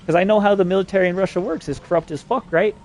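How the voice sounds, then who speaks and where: A man's voice: high voice, racing, a little mellow, a little hiss or hum. A man from New Mexico delivering an agitated, profanity-laden rambling monologue. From New Mexico, USA.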